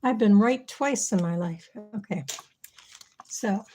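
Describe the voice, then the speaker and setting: Chatting through a casual kitchen livestream, this host thinks aloud while working, and her voice is wearing out as she loses it. It is medium-pitched and darkish, and she takes things slowly.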